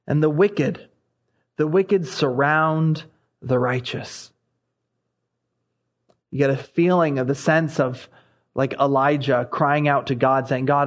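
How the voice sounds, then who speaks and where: A man preaching a sermon, growing impassioned as he reads scripture aloud. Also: fairly high pitch. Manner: impassioned, rising when reading scripture aloud.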